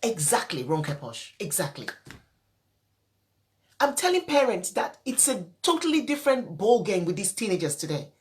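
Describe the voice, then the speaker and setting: A woman's voice: mid-range voice, very animated, moderate pace. A woman parenting coach, upset and teary, speaking emphatically in a live stream and repeating her key points. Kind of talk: emotional live-stream talk.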